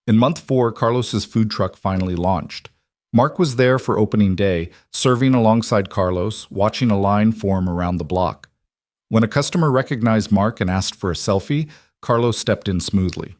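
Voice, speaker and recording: A man narrating a dramatic story in a steady, measured, scripted way. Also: lowish voice, dry recording, clean studio sound.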